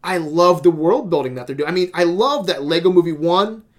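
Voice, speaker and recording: A man's voice: on the high side, fairly quick. A man ranting about movies on a casual podcast, swearing a lot and sounding exasperated. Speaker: podcast host reviewing movies. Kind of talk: casual profane movie rant.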